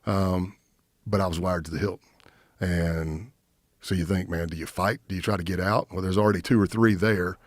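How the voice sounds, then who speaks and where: Low-voiced man telling a tense story. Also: moderate pace, no echo, clean studio sound. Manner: animated storyteller, acts out quotes. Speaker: guest, retired FBI agent. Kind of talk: casual storytelling in podcast interview.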